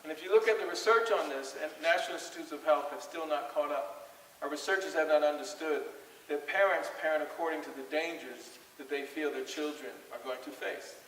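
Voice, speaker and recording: A man's voice: fairly high pitch, a little fast, a bit bright. A middle-aged man from Southern Delaware giving a storytelling talk to a school audience in a conversational way, often putting questions to the crowd. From Southern Delaware, USA. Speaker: guest speaker at a school. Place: large school hall. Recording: far from mic, long hall reverb, faint hiss.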